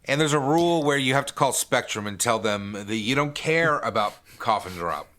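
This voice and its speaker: A man's voice: mid-range voice, expressive, normal speed, a bit bright. A man co-hosting a gaming podcast, blunt and joking, with casual swearing. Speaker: podcast co-host.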